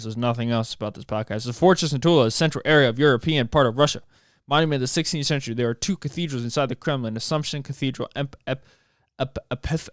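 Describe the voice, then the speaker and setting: A young American man hosts a solo podcast with a smooth, clear voice, recorded close and dry. He rambles, tripping over words and poking fun at himself. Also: mid-range voice, dry recording. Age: young adult. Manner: rambling, self-mocking, stumbles over words. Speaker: podcast host.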